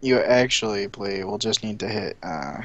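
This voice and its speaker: A man's voice: fairly low pitch, moderate pace, fairly bright tone. A man playing a tabletop game, joking and teasing the other players. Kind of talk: casual tabletop game chat.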